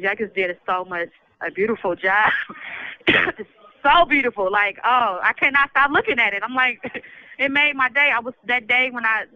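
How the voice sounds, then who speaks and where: A middle-aged woman speaks over a dull, lo-fi phone line, her tone sharp and strained. She is tired and emotional, rambling earnestly as she thanks her listeners again and again. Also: medium pitch, clear, resonant tone. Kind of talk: heartfelt spoken thank-you message.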